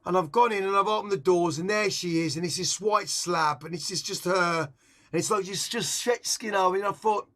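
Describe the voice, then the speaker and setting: A middle-aged man, talking candidly and excitably in a casual interview, swearing freely. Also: high-pitched, a little fast. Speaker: interviewee, musician. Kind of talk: casual conversation.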